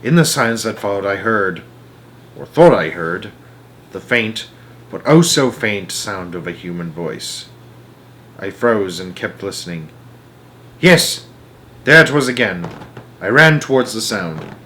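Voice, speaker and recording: A man hosting a storytime channel, reading a children's novel aloud with slow, hushed, dramatic pacing. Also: fairly low pitch, expressive.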